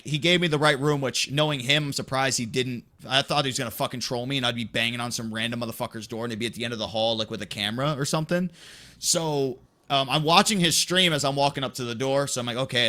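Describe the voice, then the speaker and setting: A young man, an esports play-by-play commentator, telling a story in casual podcast chat with plenty of swearing. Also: mid-range voice. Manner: profane, animated storytelling.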